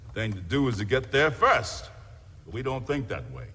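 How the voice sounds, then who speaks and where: A man's voice: medium pitch, very animated, normal speed, bright, forceful tone, slightly rough, exaggerated voice. An actor playing a fiery older preacher who lectures his congregation in a stern, mocking way, in a film scene. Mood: stern sermonizing. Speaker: pastor. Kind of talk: film drama acting. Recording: film audio with long reverb and score.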